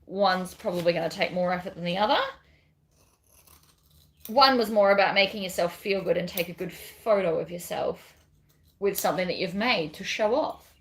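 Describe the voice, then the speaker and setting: A woman's voice: lowish voice, moderate pace. A woman chatting casually while she sews a bag on a livestream, reading viewer comments and rambling between steps. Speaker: bag pattern designer. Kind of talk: casual livestream crafting chat.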